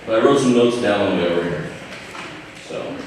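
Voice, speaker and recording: A man's voice: lowish voice, noisy background. Man speaking far off in an echoey hall. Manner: informal, halting, with light humor. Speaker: son giving a eulogy. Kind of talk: memorial speech from notes. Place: large hall at a memorial gathering. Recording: echoey hall, distant mic.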